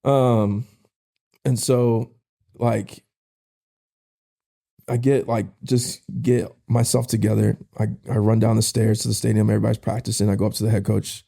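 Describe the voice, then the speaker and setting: A young man, a podcast guest, casually telling a personal story in an emotional, halting way with slang. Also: on the low side, little pitch movement, gravelly, dark tone. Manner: casual, uses slang like "bro".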